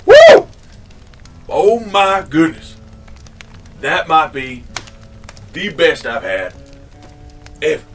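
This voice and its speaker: A man voicing an excitable hungry wanderer who gushes and exclaims theatrically. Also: mid-range voice, slow, pauses often, distant mic, faint music behind, voice pushed up, heavily acted. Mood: gushing.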